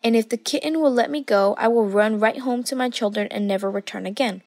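A woman voicing a frightened little mother mouse in a storybook reading, soft and pleading. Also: on the high side, brisk, no room sound.

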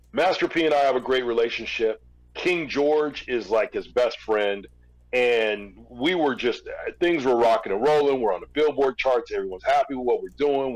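A man in an interview, casually telling a long story with relaxed restarts. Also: mid-range voice, no room sound, low-quality recording. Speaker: interview guest, former record label executive.

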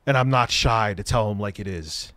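A man hosting a livestream, ranting angrily with lots of profanity and sudden bursts of shouting, and he says he is stoned. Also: on the low side, normal speed, no echo. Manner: profane, angry, shouting at times. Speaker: livestream host. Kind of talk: heated livestream rant.

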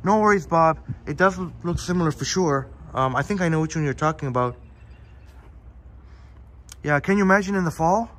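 This man's voice is on the high side and fairly bright, and he talks fairly quickly but pauses often. He's walking outdoors in a park, hosting a live stream from his phone. He keeps it chatty, answering viewers by reading their comments out by name.

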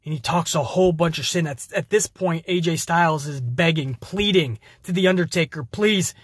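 A man's voice: a little high, brisk, husky, no echo, studio quality. A man hosting a podcast, energetically retelling a wrestling show in casual, profane language. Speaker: podcast host.

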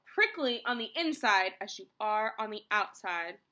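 A woman voicing a blunt male coyote in a storybook, speaking a little lower and cutting. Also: lively intonation, measured pace, bright, forceful tone.

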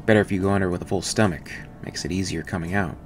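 A man with a low voice voicing a blunt, defensive male ship engineer in a read-aloud story. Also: fast, lightly acted.

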